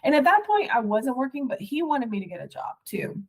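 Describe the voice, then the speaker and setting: A middle-aged woman recounting her past as a podcast guest, halting and emotional, often restarting her sentences. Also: high voice, sing-song, rough recording. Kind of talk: personal storytelling.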